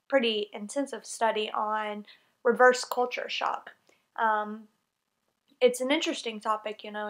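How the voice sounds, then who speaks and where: A woman's voice: on the high side, a bit bright. A young woman from North Carolina with a light Southern US accent, chatting casually and rambling a little about her work as an English teacher. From North Carolina, USA. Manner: chatty and rambling, many fillers and self-corrections. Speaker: English teacher on exchange program. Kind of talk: casual vlog talk.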